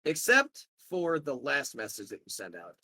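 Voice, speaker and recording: A man's voice: mid-range voice, huge pitch swings, normal speed, pushed and bright, slightly rough, no room sound. A man narrating as game master of a tabletop game, loose and filler-heavy.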